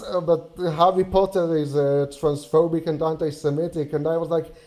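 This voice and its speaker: A young man with a German accent calls in to a live stream. He speaks hesitantly, searching for words. His voice has a mellow, warm tone. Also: a little high, fairly even intonation, moderate pace, rough recording. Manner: hesitant, many fillers and restarts. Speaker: caller. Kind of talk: casual call-in chat.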